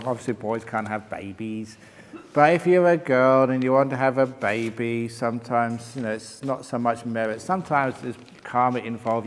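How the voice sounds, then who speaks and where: Joking older monk in a reverberant hall. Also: male voice, mid-range voice, slight background noise. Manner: jokey, laughs at his own jokes, reads out written questions. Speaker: Buddhist monk answering retreat questions. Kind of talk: humorous Q&A talk. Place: meditation retreat hall.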